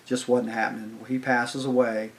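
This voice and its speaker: Older guy just telling a story, rambly and chatty, lots of uh and i was like, mid-pitched voice. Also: level tone, normal speed. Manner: rambling, conversational, heavy on "I was like" and fillers. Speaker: channel host telling stories. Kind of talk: casual storytelling.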